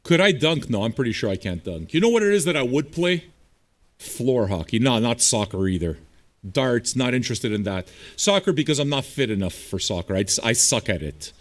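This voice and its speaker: A man's voice: mid-range voice, very animated, moderate pace. A man hosting a livestreamed music show, answering viewer chat in a blunt, profane, combative way. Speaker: streaming radio DJ host.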